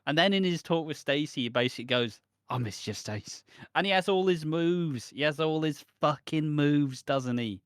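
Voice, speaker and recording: A man's voice: fairly high pitch, normal speed, few pauses, clear, resonant tone, dry recording. Swearing British man, dry recording. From United Kingdom. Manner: swearing, laughing recap of soap episodes. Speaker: podcast host. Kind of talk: casual podcast chat.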